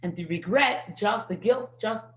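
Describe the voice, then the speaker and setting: Middle-aged woman, class teacher, lively storytelling, echoey room. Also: mid-range voice, a little slow. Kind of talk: parenting class lecture.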